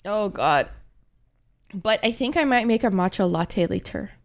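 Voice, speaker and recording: A woman's voice: medium pitch, expressive, a little slow. Chatty tired young woman streamer. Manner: chatty, dramatic, swears a lot. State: tired and a little congested. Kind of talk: casual chat with viewers.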